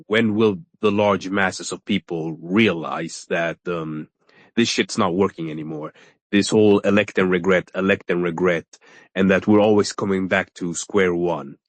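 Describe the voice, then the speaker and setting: A man's voice: deep voice, dry recording. A man co-hosting a casual political chat, asking hesitant questions with many ums.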